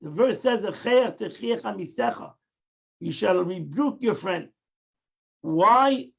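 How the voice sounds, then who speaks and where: Sitting high and creaky, this man's voice comes through lo-fi sound as he teaches a daily Tanya lesson. The Torah teacher explains with patience, often repeating or restarting phrases and weaving in Hebrew terms.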